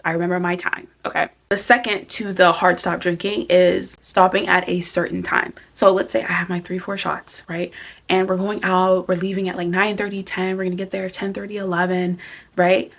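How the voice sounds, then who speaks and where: A woman's voice: on the low side, vocal fry, fairly bright tone. A woman in her twenties giving casual, emphatic advice to camera, repeating phrases for stress and acting out her own thoughts. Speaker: vlogger giving life advice.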